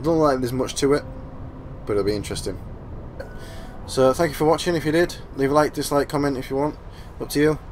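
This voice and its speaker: A man giving let's-play commentary over his gameplay, excitable and exclaiming, at times mumbling. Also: medium pitch, fairly quick, slight background noise. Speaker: gaming channel host.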